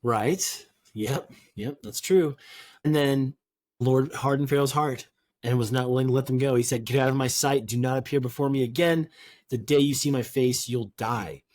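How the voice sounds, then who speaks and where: Here a man co-hosting a podcast reads from the Bible and follows each passage with casual banter and throwaway jokes. He speaks at normal speed in a mid-range, slightly mellow voice, recorded with no room sound.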